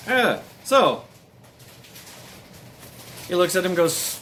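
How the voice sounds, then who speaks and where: A man's voice: high voice, big pitch swings, slow pace, fairly bright tone, a little hiss or hum. A man casually retelling a myth, rambling and hesitant with many fillers. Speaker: storyteller.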